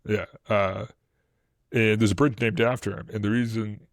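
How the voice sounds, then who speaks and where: Boston guy on a history podcast, kinda low voice, lots of uhs and likes, dry sound. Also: moderate pace, dry recording. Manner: rambling with many fillers and restarts, animated when quoting. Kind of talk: casual conversational explainer.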